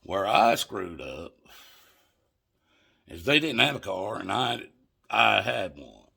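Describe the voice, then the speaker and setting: A man's voice: on the low side, expressive, slow pace, gravelly, pushed and bright, breathy edge. An older man telling a rambling, profane story straight to his listeners, calling them folks. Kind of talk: casual anecdote told to viewers.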